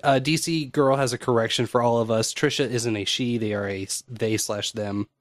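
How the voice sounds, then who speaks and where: A man's voice: medium pitch, steady tone, normal speed, dry recording, studio quality. A man co-hosting a podcast, talking hesitantly with many fillers. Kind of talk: casual comedic banter.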